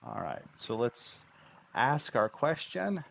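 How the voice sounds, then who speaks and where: A man's voice: medium pitch, sing-song, takes it slowly, gravelly, a bit bright. A man teaching English pronunciation in a livestream, modelling phrases with exaggerated, bouncing intonation and repeating words syllable by syllable. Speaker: English tutor. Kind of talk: slow, drawn-out pronunciation lesson.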